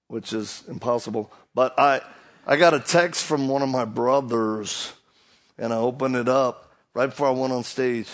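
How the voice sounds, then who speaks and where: A middle-aged man from Louisiana with a Cajun accent, preaching in a folksy storytelling way with halting restarts. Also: mid-range voice. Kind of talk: sermon with humor.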